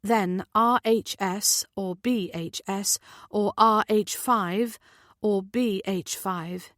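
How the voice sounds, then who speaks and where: Woman reading as a gentle, caring mother. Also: medium pitch, fairly even intonation, slow pace, dry recording, clean studio sound. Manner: gentle, patient.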